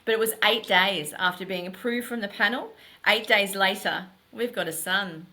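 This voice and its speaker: Bright-voiced woman telling her story. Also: mid-range voice, normal speed. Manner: animated, emphatic, runs thoughts together. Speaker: podcast guest. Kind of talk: candid storytelling.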